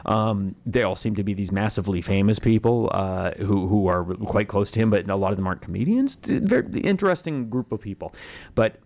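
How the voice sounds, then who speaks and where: A man with a fairly low voice talks through a film review in a loose, casual way. He circles his points, starting over and filling gaps with "uh" and "like" as he goes. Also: animated, darkish tone. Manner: rambling, halting, with many fillers and restarts.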